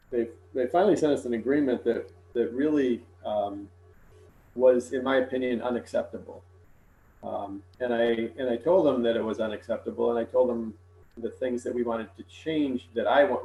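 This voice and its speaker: A man giving a frank, measured report to a village board over an online meeting. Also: mid-range voice, gravelly, mellow, roomy sound, slight background noise, poor audio.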